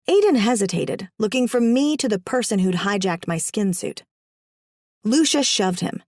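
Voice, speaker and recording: A woman narrates a first-person audiobook with wry, expressive comic timing. Her voice sits in a middle pitch range, and the sound is dry and close. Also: normal speed, dry recording.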